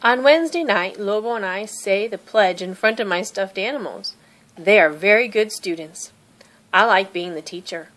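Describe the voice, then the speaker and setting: A woman reading a children's picture book aloud, narrating softly in the first person as a young girl. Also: mid-range voice, moderate pace. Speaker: storybook reader.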